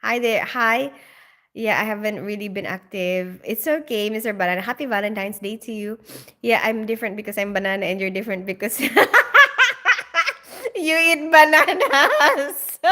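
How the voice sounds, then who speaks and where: A woman's voice: medium pitch, moderate pace, sharp tone. A woman hosting a casual live stream, greeting viewers by name and chatting through their questions with frequent giggles. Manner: giggly, laughs often.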